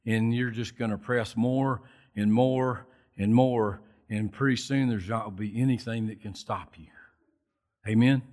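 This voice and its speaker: A man delivers a sermon at a church service, retelling Bible stories in a folksy, lively way. He talks casually with his listeners and throws in homespun phrases. His pitch sits in an ordinary middle range for a man. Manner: folksy, animated storytelling. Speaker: lay preacher.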